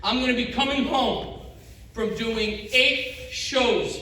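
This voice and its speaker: A man headlining a comedy show in a high school auditorium, telling rambling, self-mocking stories. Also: takes it slowly. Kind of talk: stand-up set. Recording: echoey auditorium from far off, loud crowd.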